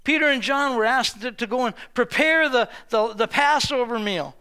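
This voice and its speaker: High, bright-voiced older male preacher. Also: moderate pace, clear, resonant tone. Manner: lively storytelling with acted-out voices and humor; frequent restarts and repeated words. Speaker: pastor. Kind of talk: sermon.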